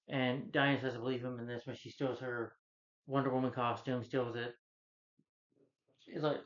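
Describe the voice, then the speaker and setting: A man's voice: medium pitch, flat delivery, normal speed, long pauses. A man giving a casual spoken film review, rambling and repeating himself as he recaps the plot with frequent restarts. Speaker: movie reviewer. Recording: slightly dull, lo-fi recording.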